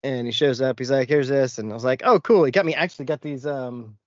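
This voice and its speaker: A man's voice: mid-range voice, steady tone, fast talker, a little mellow, dry recording, muffled recording. A man co-hosting a podcast, telling rambling stories in casual chat and laughing often. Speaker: podcast co-host.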